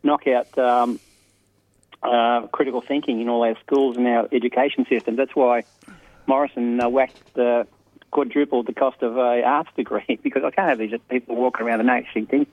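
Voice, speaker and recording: A man calling in to a radio show, ranting quickly with laughs mid-sentence. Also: mid-range voice, steady tone, no echo. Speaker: caller. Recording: tinny phone line.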